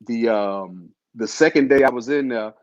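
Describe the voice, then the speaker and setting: This host talks about being ill in a loose, slangy manner, dropping plenty of fillers. He has a medium-pitched voice at normal speed, recorded with dull lo-fi sound and no room sound.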